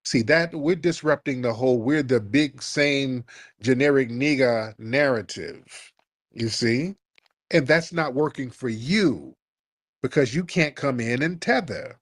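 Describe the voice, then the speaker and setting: A man's voice: mid-range voice, a little slow, no room sound. Man ranting mockingly as a host. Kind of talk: heated call-in debate.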